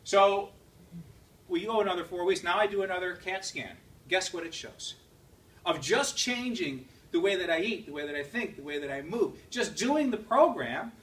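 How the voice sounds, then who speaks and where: A man speaking as a guest at an event, telling a story with lively emphasis, quick laughs and repeated phrases. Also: sits high. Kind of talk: motivational talk to an audience. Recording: distant mic with faint room noise.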